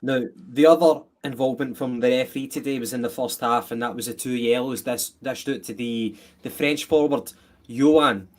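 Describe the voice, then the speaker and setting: A man with a Scottish accent hosting a football match review podcast, measured and a little hesitant. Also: mid-range voice. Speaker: podcast host.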